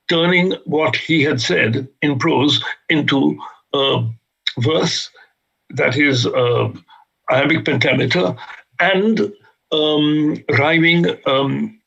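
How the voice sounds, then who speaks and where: A man from Bombay, a guest author, telling lively, humorous anecdotes in conversation. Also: on the high side, creaky, slightly rough. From India (Bombay). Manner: lively, humorous, vivid storyteller. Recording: dull lo-fi sound.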